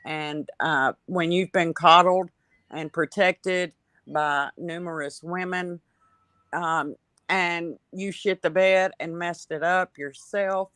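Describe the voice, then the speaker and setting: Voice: mid-range voice, fairly even intonation, slow pace, sharp tone, smooth, no echo. Blunt, opinionated co-guest, dry sound. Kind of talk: talk-show commentary.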